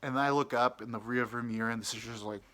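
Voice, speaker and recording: A man's voice: medium pitch, fairly even intonation, fast talker, sharp tone. A young man telling a crude, comic personal story in a rambling, casual way, full of fillers and acted-out quotes. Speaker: podcast storyteller.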